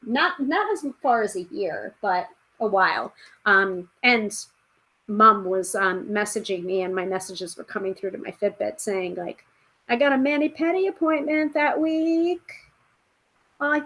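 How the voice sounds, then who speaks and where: A woman's voice: mid-range voice, sharp tone. A woman hosting a tarot podcast live stream, chatting casually and reading out viewer comments. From United States. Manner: chatty, reads out viewer comments, frequent fillers.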